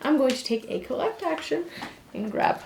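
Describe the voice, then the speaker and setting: A woman's voice: sits high, animated, moderate pace, creaky, a little mellow, a little hiss or hum. Woman board gamer, casual, talks rules through as she counts moves, roomy room echo. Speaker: board game player. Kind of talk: casual tabletop gameplay talk.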